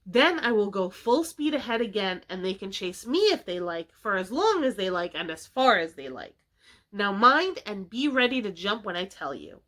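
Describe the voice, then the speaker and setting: A woman voicing a stern but kindly male engine driver who speaks gravely and steadily in a storybook reading. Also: medium pitch, big pitch swings, moderate pace, a bit bright. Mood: urgent.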